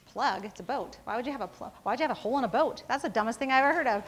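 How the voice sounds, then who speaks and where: A woman's voice: fairly high pitch, quick pace. A woman who founded a company, giving a casual motivational talk to students, telling self-mocking stories and often checking in with the audience. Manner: casual storytelling, often asking the audience "right?".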